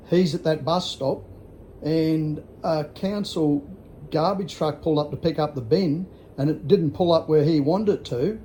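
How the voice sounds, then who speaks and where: Sixties Australian bloke vlogging, blunt and foul-mouthed, raised pitch with a soft warm tone. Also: male voice, a little hiss or hum. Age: 60s. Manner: rambling, blunt, heavy swearing. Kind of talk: casual storytelling.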